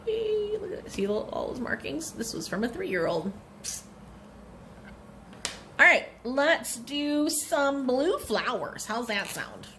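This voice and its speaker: Librarian, woman, cheerful sing-song craft tutorial, very animated pitch, faint room ambience. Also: slow, long pauses, a little hiss or hum. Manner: cheerful, sing-song, talks to viewers like a kids' host. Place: home kitchen table.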